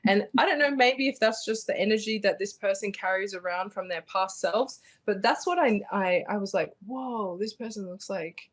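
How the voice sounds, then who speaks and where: A young Australian woman talking casually as an interview guest, animated and rambling with lots of fillers and restarts. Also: mid-range voice, normal speed, hardly any pauses. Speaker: guest, bare-knuckle fighter.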